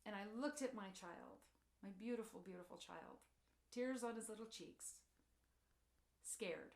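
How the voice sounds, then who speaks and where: A middle-aged woman giving a motivational talk, telling personal stories and acting out quotes, softening her voice for tender moments. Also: normal speed, reverberant. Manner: storytelling, acts out quotes, drops soft and low for tender moments. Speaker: speaker.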